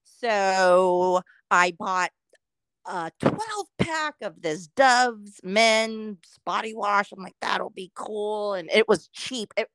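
A woman's voice: mid-range voice, animated, slow, a bit bright, smooth, no room sound. A woman co-hosting a podcast in casual chat, ranting profanely and laughing often. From Oregon, US. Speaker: podcast co-host.

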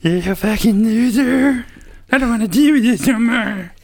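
A man's voice: very high-pitched, measured pace, gravelly, crowd noise, voice pushed up, heavily acted. A man voicing an unhinged, creepy male loner who rambles crude threats, in a raised voice. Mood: ranting.

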